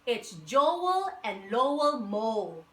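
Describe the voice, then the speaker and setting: A woman voicing a pair of bumbling, lost male moles with a high, bouncy manner. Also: big pitch swings, takes it slowly. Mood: cheerful. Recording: echoey room.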